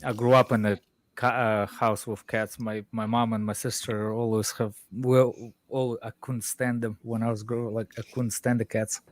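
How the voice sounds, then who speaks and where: A man's voice: mid-range voice, normal speed, dry recording. A man who grew up in Moldova, chatting casually on a stream and telling stories with some stumbles. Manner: animated storytelling, some stumbles. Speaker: stream panelist. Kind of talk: casual chat.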